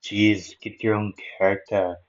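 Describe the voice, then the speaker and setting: A man's voice: fairly low pitch, little pitch movement, measured pace, dull audio. A man casually narrating a fan-made anime what-if story with rambling, self-mocking asides.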